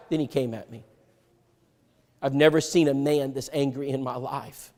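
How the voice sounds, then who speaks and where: Preacher telling a story in a reverberant hall. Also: male voice, on the high side, fairly even intonation, fairly quick. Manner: acts out quoted dialogue with sharp swings from loud to hushed. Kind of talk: sermon storytelling. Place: church sanctuary.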